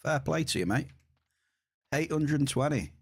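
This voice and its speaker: A man's voice: fairly high pitch, animated, normal speed, husky. A man streaming a game, chatting casually and talking straight to his chat. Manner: chatty, addresses chat directly. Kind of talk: casual live-stream chat while gaming.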